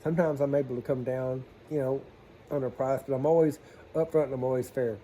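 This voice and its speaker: A plumber with a mid-range, dark-toned voice tells stories on a casual vlog, speaking a little fast with fairly even intonation. He's folksy and chatty, uses southern-style slang, and acts out the dialogue, with slight background noise present.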